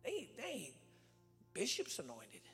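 Gravelly preacher whispering and shouting. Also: male voice, sits high, wildly swooping pitch, measured pace. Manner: swings from loud shouts to hushed whispers. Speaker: evangelist preacher. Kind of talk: storytelling sermon. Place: church sanctuary with reverb. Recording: live church recording with long reverb and faint music.

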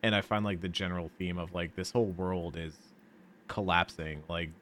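A man's voice: low voice, steady tone, moderate pace, a bit bright, a little hiss or hum. A man on a podcast speaking earnestly about a game, often stammering and restarting his sentences. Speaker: podcast co-host. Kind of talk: casual podcast chat.

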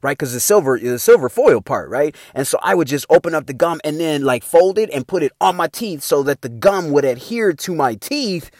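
A man telling a casual personal story to his viewers, animated and heavy on profanity, often breaking into laughter. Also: fairly high pitch, brisk, hardly any pauses, no echo, clean studio sound.

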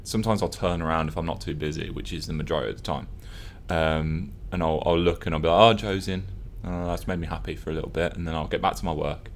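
A man's voice: rumbling low, steady tone, quick pace. A man co-hosting a podcast from an office, chatting casually with jokey, teasing banter. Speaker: podcast co-host. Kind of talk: casual chat.

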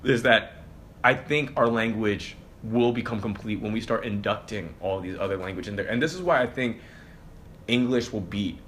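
Bright-voiced, opinionated man, lightly hissy. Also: lowish voice, normal speed. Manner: opinionated, reflective, with fillers. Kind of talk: casual conversation.

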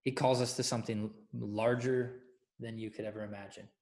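A man's voice: fairly low pitch, steady tone, brisk, darkish tone. A man giving a casual, playful sermon that keeps asking the audience questions. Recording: echoey room.

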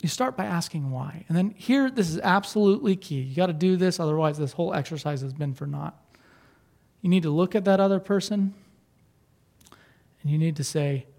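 High-voiced male pastor preaching earnestly. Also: a little fast, gravelly, darkish tone. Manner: earnest, conversational, with repeated phrases and restarts. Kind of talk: sermon.

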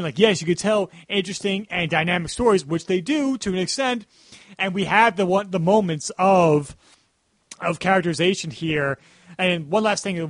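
A male podcast host chats casually, rambling and piling up fillers as he goes. His voice sits high for a man. The sound is dry and close, with no room echo.

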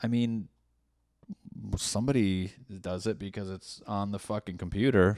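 A man's voice: fairly low pitch, fairly even intonation, measured pace, a little mellow, no room sound, studio quality. A young man, a stand-up comedian, talking casually and profanely in rambling, self-deprecating asides.

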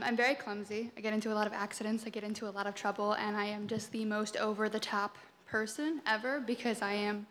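A woman's voice: fairly high pitch, a bit bright. A woman from Connecticut telling a self-mocking story live at a story slam. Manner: self-mocking, quick and rambling. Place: theater stage. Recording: long theater reverb, faint noise.

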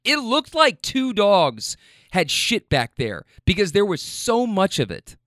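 A man's voice: sits high, huge pitch swings, measured pace, fairly bright tone, dry recording, studio quality. A man casually telling a story, rambling with fillers, stammers and swearing.

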